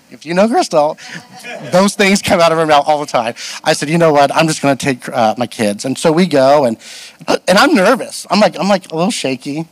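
A man's voice: on the high side, normal speed, no room sound. A middle-aged man preaching as a guest pastor, telling funny personal stories and acting out other people's voices. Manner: animated, self-deprecating, acts out quoted voices. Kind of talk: storytelling sermon.

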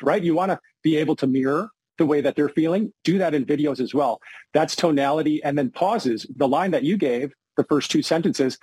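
A man's voice: fairly high pitch, a little mellow, husky, dry recording. A man speaking as a podcast guest, a retirement planner explaining with self-deprecating asides. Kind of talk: conversational podcast interview.

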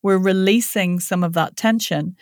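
A woman, a voice coach demonstrating vocal warm-ups in a playful, laughing coaching tone. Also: mid-range voice, normal speed, dry recording, studio quality. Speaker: voice coach guest.

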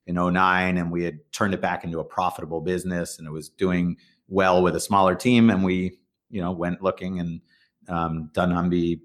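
A man's voice: low-pitched, flat delivery, normal speed. A middle-aged man, a startup founder, telling stories in a casual interview, rambling with restarts and acting out quoted dialogue. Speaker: startup founder and CEO guest.

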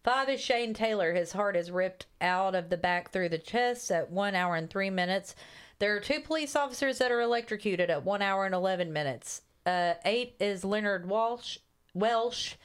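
A woman co-hosting a horror movie podcast, reading a kill count and trivia in a brisk, list-like delivery. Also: mid-range voice, clean tone. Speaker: podcast co-host.

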